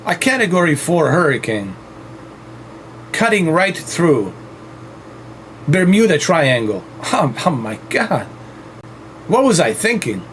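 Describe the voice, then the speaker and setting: A man's voice: on the high side, big pitch swings, slow, pauses often, a bit bright, slight background noise. A man giving casual, joking commentary while playing a flight game, exclaiming to himself. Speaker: gaming streamer.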